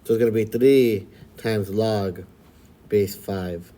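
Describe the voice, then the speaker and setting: A man's voice: fairly low pitch, slow pace. Laid-back male math teacher. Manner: relaxed and chatty, checks in with frequent "all right?" and "okay?". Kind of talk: casual recorded lesson for students.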